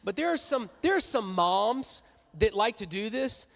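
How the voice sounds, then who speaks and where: A man preaching to a youth church in a joking, animated, conversational way. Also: high-pitched, a little slow, vocal fry. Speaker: youth pastor. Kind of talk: sermon. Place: church hall. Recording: long reverb in a church hall.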